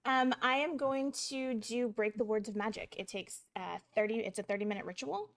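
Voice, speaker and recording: A woman playing a tabletop game, speaking in a chatty, quick way and interrupting herself. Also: on the high side, a bit bright. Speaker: player. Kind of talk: casual tabletop play.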